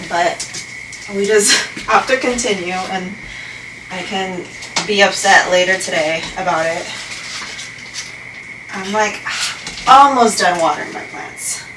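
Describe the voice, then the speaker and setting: A plant vlogger with a medium-pitched voice chats casually while tending her houseplants, exclaiming often and teasing herself as she works. She's recorded from a distance in an echoey indoor room full of plants, with clear noise.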